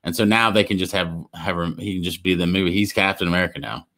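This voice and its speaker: A man co-hosting a casual podcast, retelling stories in a rambling, animated way with lots of restarts. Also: sits low, fast. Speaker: podcast co-host. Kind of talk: casual chat.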